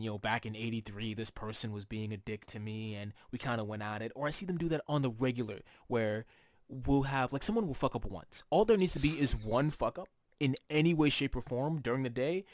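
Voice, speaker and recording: A young man in his twenties co-hosting a casual podcast, talking in long, meandering stories and cursing freely. His voice sits at an average pitch. The sound is dry and close to the mic. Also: animated, brisk, darkish tone, no room sound. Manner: rambling storyteller, swears freely, acts out relatives' lines. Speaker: podcast co-host. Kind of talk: casual chat.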